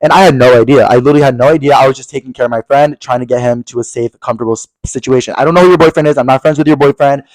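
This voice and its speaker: A young man co-hosting a podcast, telling a story in casual chat, animated and swearing a lot as he acts out angry quotes. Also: medium pitch, rapid-fire, few pauses, dry recording, rough recording. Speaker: podcast co-host.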